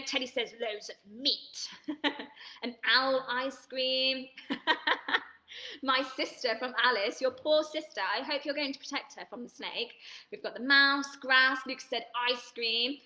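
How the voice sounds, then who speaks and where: A woman's voice: high-pitched, measured pace, sharp tone, reverberant. A woman leading an online drama workshop for children, cheerful and reading out viewers' comments, laughing and gasping often.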